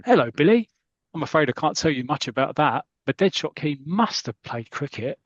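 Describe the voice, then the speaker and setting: A man's voice: fairly high pitch, expressive, normal speed, no echo, highs cut off. A man reading aloud the lines of a kindly old male gardener from a comic strip.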